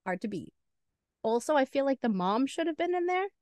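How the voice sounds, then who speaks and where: Lively playful woman co-hosting a podcast. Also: high-pitched, a little fast, dry recording, clean studio sound. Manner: playful, lively, announcer-style award presenting. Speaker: podcast co-host. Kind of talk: casual chat.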